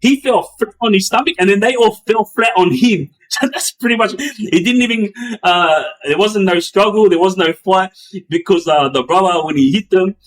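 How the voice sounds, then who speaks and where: A man telling a story in a loose, rambling way, with many fillers and restarts, acting out the action with bangs and booms. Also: moderate pace. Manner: animated, acts out sounds with bangs and booms. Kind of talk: casual spoken storytelling.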